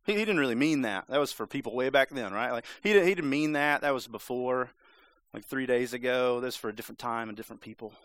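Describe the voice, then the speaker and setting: A man preaches a sermon in a conversational, emphatic style, sometimes acting out voices, including the serpent's lines. His mid-range voice is fast and fairly bright, with no echo.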